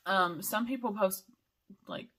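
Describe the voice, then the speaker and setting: A woman's voice: mid-range voice, unhurried, fairly bright tone, husky. A woman, chatting casually and enthusiastically as a cross-stitch vlogger, rambling from one story to the next. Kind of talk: casual chat.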